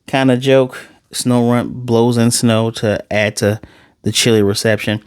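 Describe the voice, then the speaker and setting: A man casually reviewing an anime episode in a sarcastic, animated way, his voice jumping high for emphasis. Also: measured pace, clean tone, dry recording, clean studio sound.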